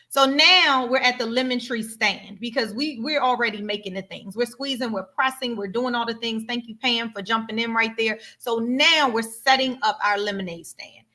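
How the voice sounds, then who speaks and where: A woman's voice: on the high side, normal speed, hardly any pauses, pushed and bright. A woman hosting a live coaching session, speaking emphatically and repeating phrases for effect. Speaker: life coach and host. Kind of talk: motivational live talk to an audience.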